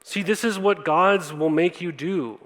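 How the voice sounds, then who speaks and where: Pastor preaching in a reverberant church. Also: male voice, a little high, a little slow, fairly bright tone. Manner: conversational, asks the congregation questions; reads scripture aloud then retells it casually. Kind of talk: sermon. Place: church auditorium. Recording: long reverb of a church hall.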